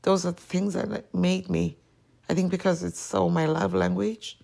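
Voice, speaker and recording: A woman with a strongly gravelly, creaky voice speaks openly and with feeling as she hosts her own podcast. Her delivery is a personal confessional monologue, and she acts out bits of old arguments as she goes. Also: lowish voice, steady tone, normal speed, warm tone. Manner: emotional, candid, quoting past arguments. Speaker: podcast host.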